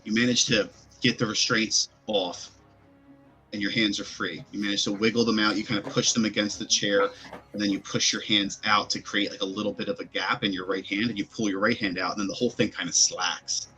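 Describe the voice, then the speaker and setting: A man's voice: on the low side, fairly even intonation, brisk, pushed and bright. A man narrating a tabletop game as game master, describing sounds in loose, rambling sentences full of fillers. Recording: faint music behind.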